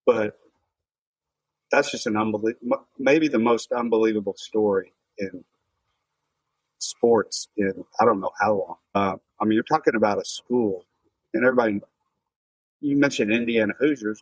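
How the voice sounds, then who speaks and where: Man, podcast host, measured sports talk, husky tone, low voice. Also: no echo, poor audio. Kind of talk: casual sports chat.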